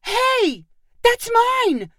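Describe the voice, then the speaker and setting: A woman's voice: high voice, big pitch swings, moderate pace, no room sound, studio quality, pitched above the performer's own voice. A woman doing a snappy, bossy young skier. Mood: shrieking. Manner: snappy, yelling, demanding.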